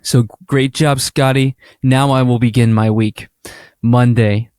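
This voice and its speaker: A man's voice: mid-range voice, measured pace, smooth, no echo, studio quality. A man co-hosting a casual podcast, telling stories with animation and acting out little imagined exchanges. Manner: animated storytelling, acts out quoted exchanges. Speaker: podcast co-host.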